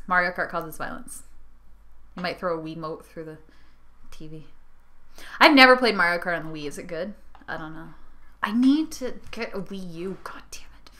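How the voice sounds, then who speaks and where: Bright-voiced young woman ranting, giggly. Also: on the high side. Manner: rambling, giggly, sarcastic asides. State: tired from no sleep. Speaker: vlogger. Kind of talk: casual rant to camera. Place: her bedroom.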